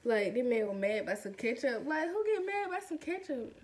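A young woman tells a story to her vlog audience in a chatty, animated way. Her voice sits a little high. A faint hiss of noise runs underneath. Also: a little fast. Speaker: vlogger.

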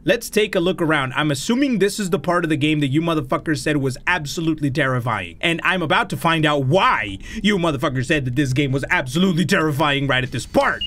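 A young man doing let's-play commentary of a horror game, loud and jumpy, swearing and breaking into Spanish exclamations. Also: fairly high pitch. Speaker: gaming YouTuber.

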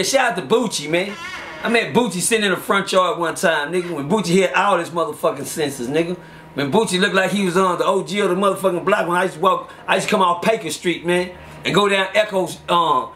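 Storyteller, man, high voice, animated, acts out the voices he quotes. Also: a little hiss or hum. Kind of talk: casual storytelling.

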